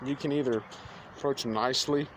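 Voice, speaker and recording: A man's voice: medium pitch, fairly even intonation, brisk. Earnest man telling a story. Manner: plain-spoken, earnest, quotes others in conversation. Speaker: vlogger. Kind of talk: casual storytelling to camera. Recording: faint outdoor street noise.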